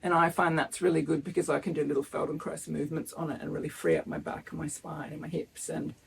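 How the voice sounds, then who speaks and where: A woman's voice: low-pitched, little pitch movement, quick pace, vocal fry, slight background noise. A woman, talking earnestly and emotionally in a casual vlog, filmed outdoors in front of her house. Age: 50s. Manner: emotional, earnest, close to tears. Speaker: vlogger. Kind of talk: casual pregnancy update vlog.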